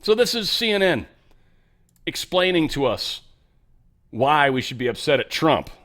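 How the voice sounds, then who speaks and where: A man's voice: fairly high pitch, very animated, unhurried, a bit bright. Sarcastic man ranting over headlines. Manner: sarcastic, reads headlines aloud and rants. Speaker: host. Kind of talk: political commentary.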